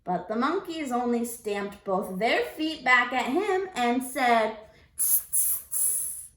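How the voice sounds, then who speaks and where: A female teacher reading a picture book aloud to children, expressive and unhurried, pausing to ask them questions. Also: on the high side, echoey room. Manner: expressive, slow storytelling, asks the children questions.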